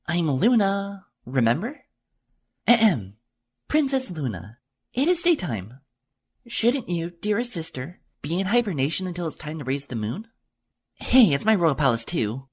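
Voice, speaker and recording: Ein Mann spielt ein freches, zwitscherndes Fohlen. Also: male voice, fairly high pitch, sing-song, unhurried, breathy edge, pitched above the performer's own voice, exaggerated voice. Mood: playful. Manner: chirpy, teasing, loud. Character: playful young filly pony, mischievous. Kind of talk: audiobook reading.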